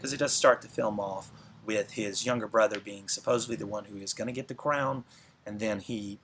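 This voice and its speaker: A man's voice: lowish voice, steady tone, brisk, a bit bright, slight background noise. Man giving a rambling casual film review. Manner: rambling, conversational, many fillers and restarts. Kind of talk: casual spoken movie review.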